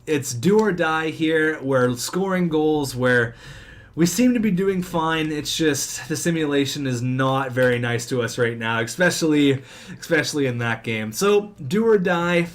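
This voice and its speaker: Young male gamer, slightly high voice, fast animated play-by-play commentary, cheers and groans. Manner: talks fast. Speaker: gaming commentator. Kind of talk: excited let's-play commentary.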